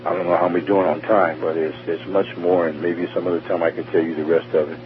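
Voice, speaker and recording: Over a tinny phone line with a faint hum, a man earnestly shares his near-death testimony as a guest, often repeating and restarting his words. His low voice is flat in delivery, and he talks fast.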